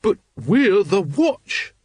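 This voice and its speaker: A man's voice: high voice, sing-song, very slow, a little mellow, husky, no room sound, voice pushed up, heavily acted. A man voicing a naive, eager young watch recruit who is earnest and puzzled. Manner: earnest, wide-eyed and puzzled.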